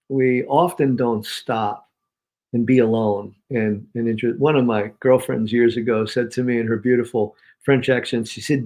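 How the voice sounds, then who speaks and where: A man's voice: medium pitch, moderate pace. A man from New York, a guest on an interview show, giving punchy, emphatic motivational talk. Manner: energetic, emphatic, punchy repetitions. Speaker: guest speaker.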